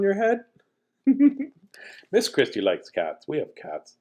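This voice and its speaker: Animated, jokey man reading bedtime story. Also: high voice, takes it slowly, pauses often. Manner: jokey, animated, chatting to listeners. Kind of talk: playful read-aloud with chatty asides.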